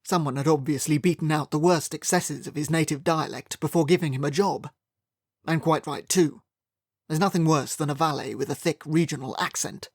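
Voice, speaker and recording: A man's voice: on the high side, moderate pace, darkish tone, no echo. A man narrating a mystery audiobook in the first person, with dry, wry storytelling.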